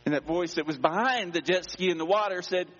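A male pastor telling a personal story in a sermon, dramatic, dropping to a hush and rising again. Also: high voice, brisk. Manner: dramatic, swings between hushed and raised voice. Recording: dull sound with long hall reverb.

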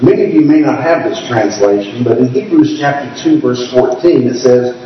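A man preaching a sermon in a church sanctuary, slowing down to read scripture aloud and asking the congregation to raise their hands. His voice carries a long reverberant echo, picked up from a distance. The sound is dull and a little muffled, with a faint room ambience underneath. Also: mid-range voice, slight background noise. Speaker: pastor.

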